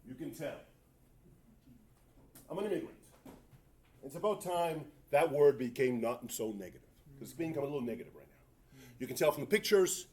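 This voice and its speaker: A man's voice: medium pitch, lively intonation, moderate pace, long pauses, a little mellow, a little hiss or hum. A man giving a tech talk at a conference, rambling and self-mocking with jokey asides. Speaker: conference presenter. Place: conference room.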